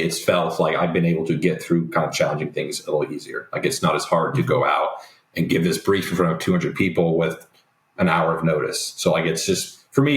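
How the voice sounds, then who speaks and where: Man, very deep voice, young adult, reflective and relaxed, lots of ums, roomy remote call sound. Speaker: guest. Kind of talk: casual interview talk.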